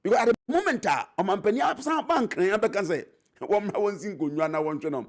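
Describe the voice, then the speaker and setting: A man's voice: sits high, expressive, quick pace. A middle-aged man with a Ghanaian accent, a former MP speaking as a talk show guest, switching between English and Twi and repeating key phrases for emphasis. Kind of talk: animated political talk show debate, mixing English and Twi.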